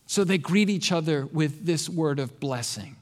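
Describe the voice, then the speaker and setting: A man's voice: fairly high pitch, normal speed. A man preaching a sermon, with rhetorical questions and dry sarcastic asides. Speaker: pastor.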